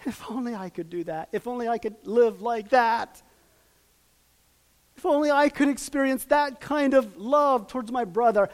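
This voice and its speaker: High-voiced man preaching with dramatic swings. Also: moderate pace. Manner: swings from loud emphatic peaks to hushed, low passages; dramatic, acts out quoted lines and asks the audience questions. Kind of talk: sermon.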